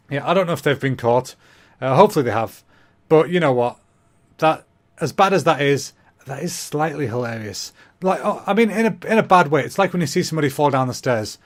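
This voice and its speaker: A young man, hosting a comedy podcast in a rambling, self-mocking monologue, talking quickly. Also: on the high side.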